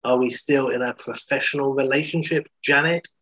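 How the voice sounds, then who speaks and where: A man's voice: mid-range voice, fairly even intonation, normal speed, sharp tone, close to an everyday voice, rough recording. A man voicing a suave older male con man with a dry, amused, drawling delivery. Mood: wry.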